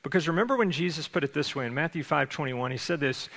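Man, middle-aged, pastor, conversational sermon, gravelly voice, long hall reverb. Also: fairly high pitch, animated, brisk, hardly any pauses, fairly bright tone. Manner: conversational preaching with self-deprecating humor.

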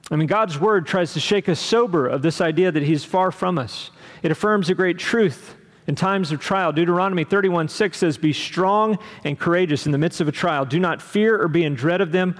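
A man's voice: on the high side, long reverb tail. A man from Texas preaching a sermon as pastor, talking conversationally with asides and questions to the congregation.

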